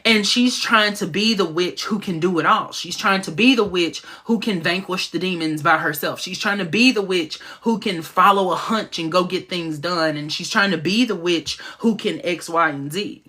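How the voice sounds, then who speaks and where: A woman gives casual live-stream commentary on a TV show, talking fast and excitedly with sudden high-pitched asides.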